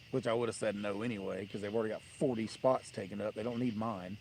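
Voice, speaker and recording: A man's voice: on the low side, moderate pace, long pauses, dark tone, a little hiss or hum. A man hosting a fishing livestream, telling rambling, blunt stories in a dismissive tone from a riverbank at night. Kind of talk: casual live-stream rant.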